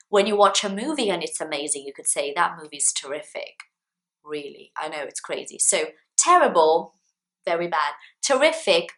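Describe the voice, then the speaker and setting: A woman teaching English vocabulary to camera in a clear, deliberate way, with playful example sentences. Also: medium pitch, fairly bright tone.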